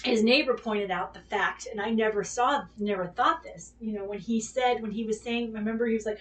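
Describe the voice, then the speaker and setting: A woman's voice: on the high side, fairly even intonation, brisk, distant mic. A woman hosting a podcast who tells a personal story in casual chat, rambling and candid, swearing freely and acting out what people said. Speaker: podcast host.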